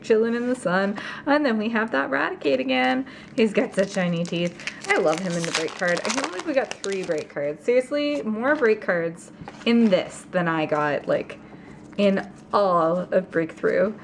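A woman vlogging a card pack opening, gasping and gushing with excitement as she reads out each card. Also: mid-range voice, gravelly, slight background noise. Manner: gasping, gushing, breathless exclamations. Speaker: YouTuber opening trading card packs. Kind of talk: excited unboxing vlog.

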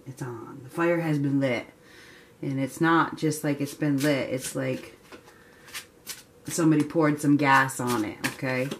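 A woman giving a casual tarot reading, chatty and excitable, laughing often and filling pauses with ums. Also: very deep voice, slight background noise. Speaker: tarot reader.

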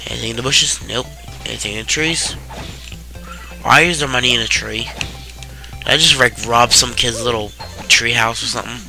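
A tired young man giving casual, sarcastic commentary while playing a video game, swearing freely in a deadpan way. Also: mid-range voice, moderate pace, creaky, long pauses. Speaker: let's play commentator. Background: game music.

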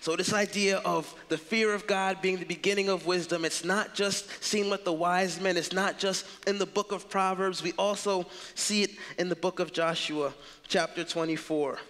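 A man delivers a sermon as pastor, talking to the congregation in an earnest, emphatic, conversational way. His voice sits high for a man. It carries the long reverb of a church sanctuary. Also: steady tone, normal speed, fairly bright tone.

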